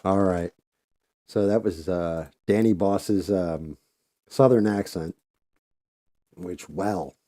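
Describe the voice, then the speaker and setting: A man's voice: low voice, slow, long pauses, warm tone. A man hosting a casual painting livestream, rambling loosely and swearing freely.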